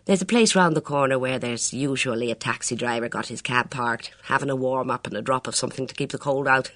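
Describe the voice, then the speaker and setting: A man's voice: medium pitch, fairly quick, a bit bright, dry recording, studio quality, natural voice. A reader voicing a chatty, persuasive Irish hotel doorman in an audiobook, with an Irish accent. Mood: coaxing. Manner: coaxing, folksy.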